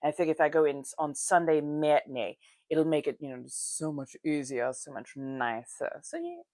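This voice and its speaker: Speaking at normal speed in a deep, sing-song voice, this US livestream host applies her makeup while chatting and greeting viewers by name. She's chatty, warm, and laughs a lot; the sound is dry and studio-clean.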